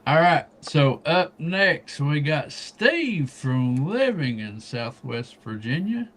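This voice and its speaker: A man's voice: fairly high pitch, sing-song, slow pace, fairly bright tone. A man from Kentucky hosting a casual livestream, introducing guests one by one with folksy jokes. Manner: folksy, joking. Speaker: livestream host.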